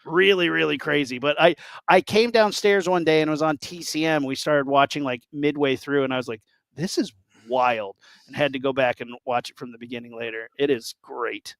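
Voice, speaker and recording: A man's voice: a little high, brisk, creaky, no echo. A man co-hosting a casual podcast chat, telling stories with lots of fillers and restarts. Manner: excited storytelling, many fillers and restarts. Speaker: podcast co-host.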